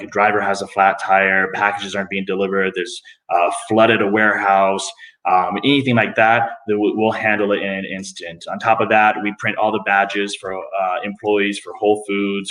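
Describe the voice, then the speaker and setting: Man, middle-aged, low voice, roomy echo, casual interview guest, animated storyteller. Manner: animated, jumps into high voices for quoted people. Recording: echoey room.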